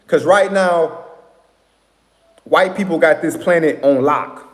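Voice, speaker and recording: A man's voice: on the high side, slow pace. A man talking straight to viewers in a rambling, lecturing way, often checking in with "right?" and "you know what I'm saying". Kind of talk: casual monologue to viewers. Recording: echoey room with long reverb.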